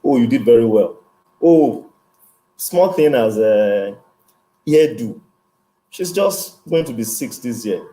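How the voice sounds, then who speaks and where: A man's voice: medium pitch, mellow, poor audio. Earnest man giving parenting advice. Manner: earnest, instructive, checks in with "okay?". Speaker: guest speaker. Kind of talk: advice-giving interview talk.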